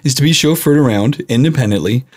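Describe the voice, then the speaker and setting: A man's voice: medium pitch, fast talker, husky. A man co-hosting a podcast in casual chat, reading news stories aloud in an easygoing way with fillers.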